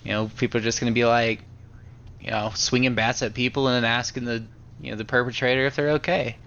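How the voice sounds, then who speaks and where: A man with a gravelly voice trading wisecracks and profane banter on a podcast. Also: medium pitch, little pitch movement, quick pace, fairly bright tone. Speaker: podcast co-host. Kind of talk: casual chat. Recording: dull lo-fi audio.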